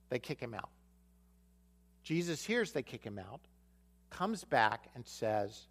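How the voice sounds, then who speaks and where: A man's voice: mid-range voice, sing-song, slow, long pauses. A man preaching a sermon, retelling a Bible story and acting out its dialogue, with repeated phrases for emphasis. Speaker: pastor.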